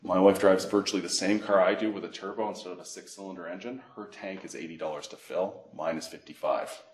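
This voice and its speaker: Male financial educator, middle-aged, animated anecdotal presenter, low voice. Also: brisk. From Canada. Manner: animated storyteller, acts out phone calls. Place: library meeting room. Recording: echoey room.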